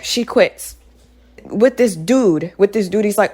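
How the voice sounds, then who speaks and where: A woman recapping a movie in a casual, animated rant, exasperated and sarcastic, acting out the characters' lines in quick asides. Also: lowish voice. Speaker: movie commentator.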